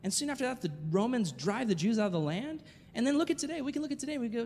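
A man's voice: extremely high pitch, lively intonation, quick pace, a little mellow, slight background noise. A man preaching a sermon, reading scripture aloud and asking the listeners rhetorical questions. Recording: long hall reverb.

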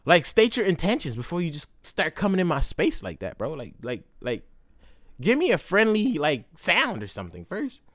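A young man hosting a casual solo podcast, telling stories in a profane, slangy, animated way. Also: a little high, normal speed, no echo. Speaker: podcast host.

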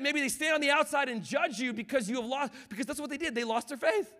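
Male guest pastor with a high voice, a fervent preaching style, and a conversational delivery. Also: animated, fast. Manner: passionate preaching that builds to shouts; conversational, with repeated words and restarts. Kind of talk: sermon.

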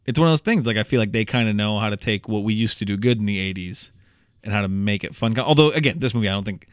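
A man co-hosting a podcast, animated and rambling in a casual movie review chat. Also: on the low side, fast, clear, resonant tone, no room sound, clean studio sound. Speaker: podcast co-host.

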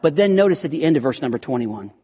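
A high-voiced male preacher delivers an impassioned sermon. He climbs to loud, pleading prayers and falls back to hushed, slow lines, stumbling and repeating words now and then. His voice rings out through a hall with a long echo. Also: lively intonation, breathy edge. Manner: repeats words when restarting. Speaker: pastor.

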